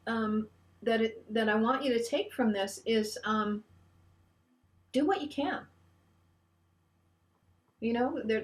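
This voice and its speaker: Encouraging woman minister, higher voice. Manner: earnest and encouraging, often restarting phrases; leads the congregation in a call-and-response chant. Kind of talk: online church sermon.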